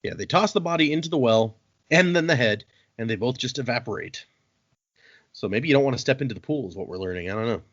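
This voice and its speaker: A man hosts a casual book-club podcast and retells the plot in an animated way, acting out the characters' lines as he goes. His voice sits at an average pitch but moves around a lot. The recording sounds dull and lo-fi. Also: fast talker. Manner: animated, laughing, acts out quotes. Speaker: podcast host.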